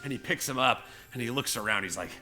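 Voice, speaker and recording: Bright-voiced male game master. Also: medium pitch, fast, soft background music. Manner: rambling, filler-heavy storytelling. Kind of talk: narrating a tabletop game.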